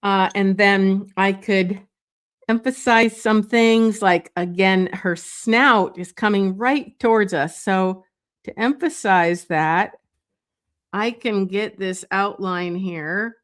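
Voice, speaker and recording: Slow, musing woman teaching drawing. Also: mid-range voice. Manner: slow, thinking aloud with fillers while drawing. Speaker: art teacher. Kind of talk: drawing tutorial.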